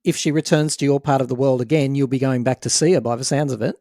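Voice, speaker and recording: A man's voice: medium pitch, fairly even intonation, quick pace, warm tone, no room sound. Aussie guy hosting a chat, teasing and laughing a lot, dry close mic. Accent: Australian. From Australia. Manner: jokey, self-deprecating, laughs often. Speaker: podcast host. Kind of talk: casual interview chat.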